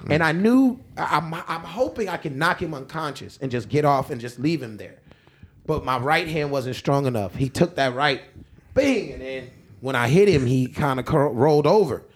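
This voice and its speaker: A man telling a story on a podcast in a casual, animated and profane way. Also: on the high side, normal speed. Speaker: podcast guest or host.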